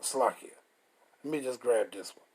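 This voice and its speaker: A man reading scripture aloud and commenting on it, profane and combative, slowing down to stress the verses. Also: medium pitch, husky. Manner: profane and combative, reads verses slowly and forcefully.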